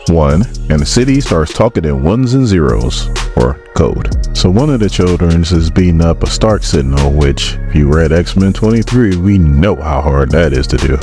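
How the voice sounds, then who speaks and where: A man's voice: low voice, expressive, normal speed, few pauses, music in the background. A man in his forties giving a casual comic book story recap, acting out characters and laughing often. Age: 40s. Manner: acts out characters with raised voices, laughs often.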